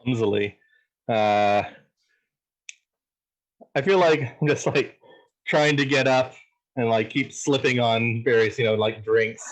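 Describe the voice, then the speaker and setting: Male player, mid-pitched, slow and hesitant as he describes his move. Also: rough recording. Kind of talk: tabletop game play.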